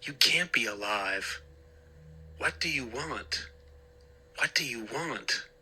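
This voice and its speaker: Desperate young boy, panicked and pleading ; a man voicing him, bright and forceful. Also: medium pitch, animated, takes it slowly, breathy edge, heavily acted.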